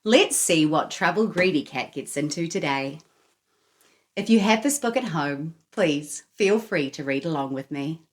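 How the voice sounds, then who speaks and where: A woman reading a picture book aloud to children in an expressive, sing-song, inviting way. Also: low voice, a little slow. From New Zealand. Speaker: children's storyteller. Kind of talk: read-aloud storytime for children.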